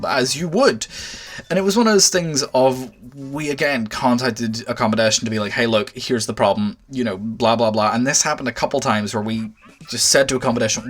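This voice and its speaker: A young man telling a storytime anecdote, exasperated and swearing, with animated outbursts. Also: medium pitch. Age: young adult. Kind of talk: storytime vlog.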